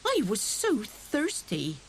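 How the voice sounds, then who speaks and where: A woman voicing a fretful, sharp-tongued young female squirrel in a storybook reading. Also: extremely slow, slight background noise, heavily acted. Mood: frightened. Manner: fretful and squeaky.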